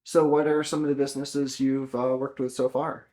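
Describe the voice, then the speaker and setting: A man's voice: medium pitch, level tone, normal speed, darkish tone. A man interviewing a guest, asking questions and giving short encouraging replies.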